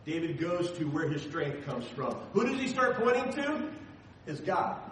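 A male pastor preaches with an animated, conversational drive, tossing out rhetorical questions to the room. His voice sits high for a man and bounces around a very echoey hall, picked up from a distance with faint ambient noise. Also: normal speed. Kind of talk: sermon.

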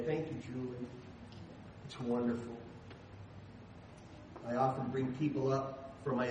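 Brief: male pastor, fairly high voice, emphatic preacher, recorded from afar in a big echoing church. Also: recorded from a distance, slight background noise. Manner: emphatic preaching, swinging between loud stresses and soft asides. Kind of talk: sermon. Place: church sanctuary. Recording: very echoey hall, voice from afar.

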